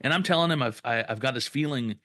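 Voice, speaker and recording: Young male podcast co-host, mid-pitch, retells a story with lots of swearing and quoted voices, dry close sound. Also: fast, bright, forceful tone, no echo. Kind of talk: casual storytelling.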